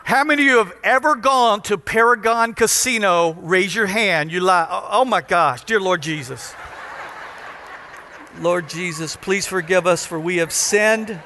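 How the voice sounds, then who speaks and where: A man's voice: sits high, a little slow, sharp tone, slight background noise. A middle-aged man from Louisiana preaching a sermon as pastor, joking and teasing the congregation between emphatic points. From Louisiana, USA. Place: large church in front of a congregation. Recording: reverberant church hall.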